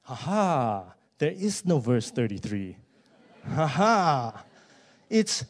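A man preaching a sermon, asking many rhetorical questions and moving between hushed words and loud rising emphasis. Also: fairly high pitch, very animated, slow pace.

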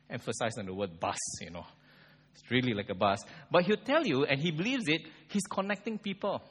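A man preaching a sermon, conversational and animated, asking the congregation rhetorical questions. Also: fairly high pitch, slightly rough. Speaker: pastor. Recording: long hall reverb.

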